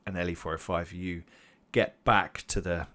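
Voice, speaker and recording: A man's voice: low voice, steady tone, normal speed, pushed and bright. A man narrating a tabletop game as game master, rambling with many fillers.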